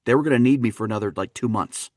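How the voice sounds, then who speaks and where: Animated wisconsin guy telling stories, laughs a lot, dry sound. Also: medium pitch, racing, no room sound. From Wisconsin, USA. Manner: animated, laughing, fond of voicing characters. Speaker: dialect coach, guest. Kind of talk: anecdotal storytelling in a podcast interview.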